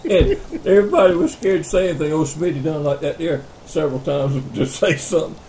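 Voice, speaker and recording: A man's voice: a little high, expressive, quick pace, creaky, dark tone, a little hiss or hum, poor audio. A man in his seventies with a South Carolina accent, telling rambling folksy hunting stories in a casual chat. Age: 70s. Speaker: storyteller. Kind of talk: casual storytelling.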